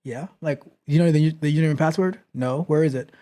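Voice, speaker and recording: A man hosting a live tech Q&A stream, telling stories in a casual, animated way and often repeating his phrases. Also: a little high, fast. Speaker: host. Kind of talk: casual livestream talk.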